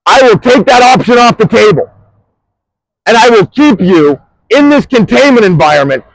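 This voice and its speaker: A man delivering a furious, profane, threatening rant outdoors on a busy street, swinging between shouting and low muttering. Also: expressive, normal speed, creaky, no room sound, low-quality recording. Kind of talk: angry direct-to-camera rant.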